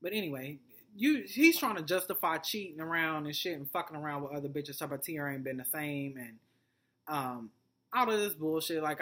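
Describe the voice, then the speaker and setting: A woman's voice: deep voice, animated, fairly quick, fairly bright tone. A woman vlogger giving a blunt, profane, rambling recap of a TV episode. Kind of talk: casual TV recap commentary.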